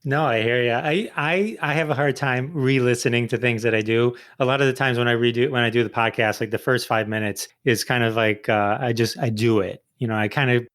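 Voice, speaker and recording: Fast-talking middle-aged podcast host. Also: male voice, medium pitch, steady tone, fairly bright tone. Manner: quick, chatty, laughs easily. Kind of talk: casual chat.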